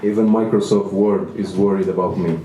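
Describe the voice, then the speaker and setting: A man in his thirties performs a stand-up comedy set in a small venue, rambling self-deprecatingly and restarting his lines. His voice is deep, warm, and steady at a moderate pace. The mic is distant in an echoey room with slight background noise.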